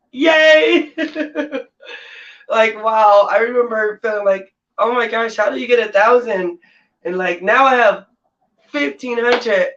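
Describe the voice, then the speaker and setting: A man hosts a casual live stream from his bedroom, giggly and effusive, laughing often. His voice sits high, bright and forceful. A laptop mic at a distance gives the sound a dull quality.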